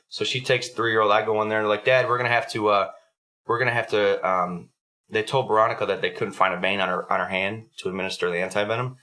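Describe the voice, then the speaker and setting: Man, young adult, podcast host, casual storytelling, profane, quick pace. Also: lowish voice, steady tone, sharp tone.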